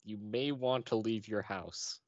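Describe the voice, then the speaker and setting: A man's voice: fairly low pitch, a little slow, dry recording. A man playing a tabletop game, with dry joking in casual chat. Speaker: player. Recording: dull lo-fi mic, faint hiss.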